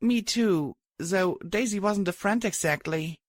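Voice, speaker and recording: Guy doing a high tired mare pony, mumbly and sighing, dry close sound. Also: a little slow, dry recording. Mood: weary. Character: weary young mare pony, blunt and guilt-ridden.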